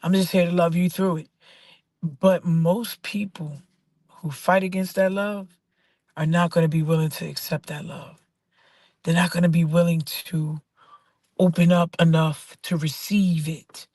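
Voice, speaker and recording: A woman's voice: lowish voice, steady tone, measured pace, darkish tone, dry recording, clean studio sound. A woman poet talking casually and emphatically about faith and perseverance, repeating her phrases for stress. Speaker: poet and artist. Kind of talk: casual inspirational talk.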